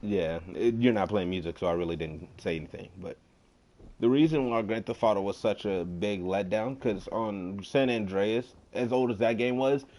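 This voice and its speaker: His voice sits on the low side and moves at a moderate pace. He's a man streaming a game and chatting casually, rambling, swearing now and then, and ranting with animation.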